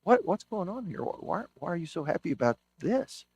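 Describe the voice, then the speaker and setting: Man doing a confused shrink voice, going up high with disbelief. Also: sing-song, brisk, creaky, a little mellow, slightly rough, no room sound, exaggerated voice. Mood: puzzled. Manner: questioning, incredulous. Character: puzzled adult male child psychiatrist.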